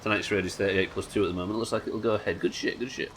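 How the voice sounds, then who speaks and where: A man's voice: fairly low pitch, fairly even intonation, racing, fairly bright tone, a little hiss or hum. A man with a Yorkshire accent chatting casually and swearing freely while streaming a game. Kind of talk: casual live-stream chat while gaming.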